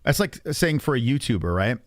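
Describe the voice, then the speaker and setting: A man's voice: mid-range voice, big pitch swings, brisk, no echo, studio quality. A man streaming and reacting to videos in casual chat, blunt and swearing often as he talks to his viewers.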